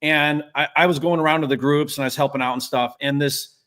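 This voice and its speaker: A man telling a story in a casual business chat, animated and acting out the quotes. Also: on the high side, fast.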